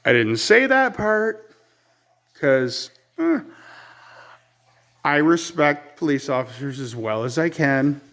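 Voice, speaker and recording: Exasperated man, slightly high voice. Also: expressive, takes it slowly, long pauses, a bit bright. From Ontario, Canada. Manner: rambling, exasperated, wry storytelling. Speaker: vlogger. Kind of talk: casual outdoor vlog storytelling. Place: outdoors on a rural homestead by a fire.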